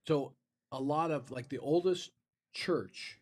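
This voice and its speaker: A man's voice: fairly high pitch, slow pace, a little mellow. A man co-hosting a podcast in casual chat, rambling through a story with many restarts and fillers. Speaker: podcast co-host.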